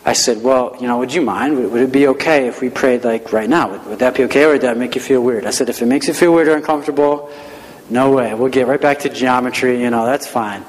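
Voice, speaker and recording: A man's voice: medium pitch, fast talker. A man who works as a schoolteacher, telling a personal testimony in an earnest, self-deprecating, conversational way. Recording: long reverb of a large hall.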